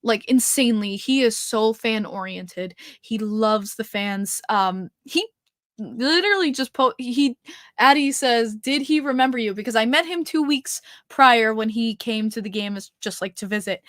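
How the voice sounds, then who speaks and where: A young woman talks in a casual livestream chat, gushing, excitable and quick to swear. Her voice sits a little high. The sound is close and dry, with no room around it. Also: dry recording. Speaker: podcast host.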